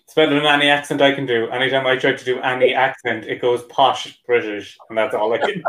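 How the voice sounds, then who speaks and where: A man's voice: mid-range voice, level tone, fast, fairly bright tone, rough recording. A man hosting a podcast in easygoing casual chat, laughing easily. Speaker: podcast host.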